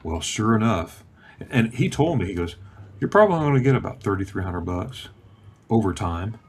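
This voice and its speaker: A man's voice: fairly low pitch, sing-song, moderate pace, husky. A man in his fifties from Florida, telling a personal story in a casual chat and acting out the voices of the people in it. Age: 50s. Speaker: guest.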